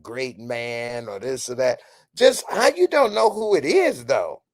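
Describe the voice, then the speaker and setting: A man's voice: a little high, vocal fry. A man hosting a live stream, speaking in an emphatic, ranting way and answering viewer comments in casual commentary.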